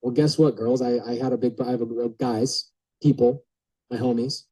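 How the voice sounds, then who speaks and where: A man telling an animated story to a group, casual and full of filler words, acting out the people in it. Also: medium pitch, normal speed, husky, dry recording, low-quality recording. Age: adult. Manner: lively, acts out quoted voices, casual filler words. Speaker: speaker telling a real estate story to a group.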